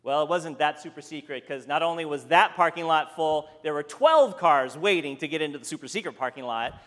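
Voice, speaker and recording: A man's voice: a little high, fairly quick, a bit bright, in a large hall. A man telling a story in a sermon, voicing the characters as he goes.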